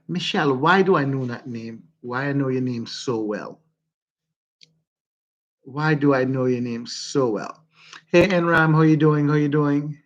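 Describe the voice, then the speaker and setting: A man with a Jamaican accent, hosting a casual livestream and warmly greeting his viewers by name. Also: medium pitch, unhurried, muffled recording. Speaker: livestream host.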